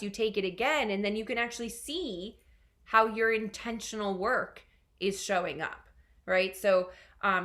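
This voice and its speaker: A woman coach answers a question in an online Q&A, talking casually and piling in "like" and "right?" as she goes. Her voice is bright and clear, sitting at an everyday middle pitch. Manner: chatty, many fillers like "right?" and "like". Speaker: leadership coach.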